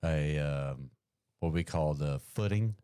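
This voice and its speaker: Deep-voiced, slow-talking man. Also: mellow, smooth. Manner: slow and hesitant, explaining his ideas. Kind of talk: casual live-stream chat.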